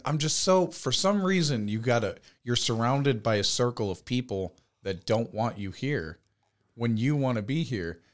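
A man hosting a podcast in casual chat, blunt and profane, with lots of fillers. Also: mid-range voice. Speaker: podcast host.

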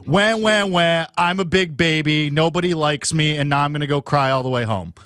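A man's voice: a little high, normal speed, fairly bright tone, close to an everyday voice. A man putting on the voice of a whiny crybaby college basketball player, mocking him with exaggerated sulking. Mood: mock whining.

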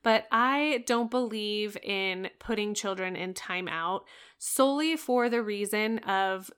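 A woman's voice: medium pitch, slow pace, a bit bright, smooth. A woman in her thirties hosting a parenting podcast, talking straight to listeners in an earnest, coaching way. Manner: earnest, coaching, direct address. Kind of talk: solo podcast advice talk.

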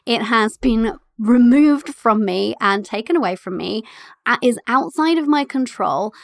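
Chatty, animated woman podcast host. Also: on the high side, measured pace, gravelly, dry recording, studio quality. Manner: animated, chatty, laughs often. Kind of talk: solo podcast talk.

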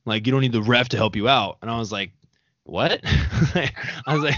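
A young man hosts a podcast, telling stories in loose, casual chat, rambling with plenty of fillers and laughing often. His mid-range voice is fairly bright and moves at a moderate pace. The sound is dull and dry, with no echo.

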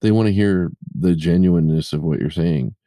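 Male podcast host, very low and dark, casual rambling talker. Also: moderate pace, dry recording, studio quality. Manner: rambling, self-correcting, jokey storyteller. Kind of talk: casual chat.

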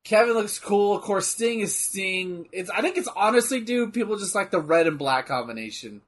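A man in casual chat about old wrestling, blunt and swearing freely, with animated bursts. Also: high voice, moderate pace.

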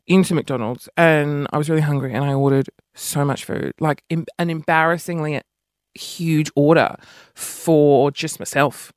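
A man's voice: fairly high pitch, dry recording. Australian man, casual vlog chat, self-mocking, rambling, dry small room. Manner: rambling, self-mocking, jumps between topics. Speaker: vlogger. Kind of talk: casual monologue to camera.

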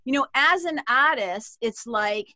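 A woman with a Boston accent, chatting as a podcast guest in a lively, rambling way with frequent laughs. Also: high voice, unhurried, no room sound. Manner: chatty and animated, given to tangents and laughter. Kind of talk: casual interview chat.

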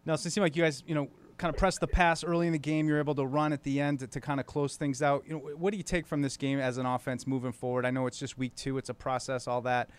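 Reporter guy, smooth voice, talks fast, rambly question w stumbles. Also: mid-range voice, level tone. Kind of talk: press conference question.

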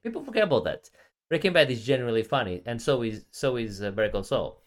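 A man's voice: medium pitch, animated, quick pace. A man co-hosting a podcast, chatting casually and rambling with many restarts and fillers. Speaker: podcast co-host. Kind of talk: casual chat.

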